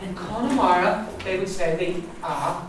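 Ulster-accented male teacher in an echoey classroom. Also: sits high. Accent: Ulster Irish. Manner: explains patiently, models words slowly and repeats them. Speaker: Irish language teacher. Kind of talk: pronunciation lesson. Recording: echoey room, mic far off, background noise.

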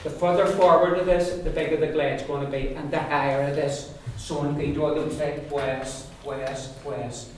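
A male language teacher, patiently demonstrating pronunciation by repeating sounds slowly in a classroom. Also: on the high side, flat delivery, a little mellow, very echoey, far from the mic, slight background noise, rough recording. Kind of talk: pronunciation lesson with repeat-after-me drills.

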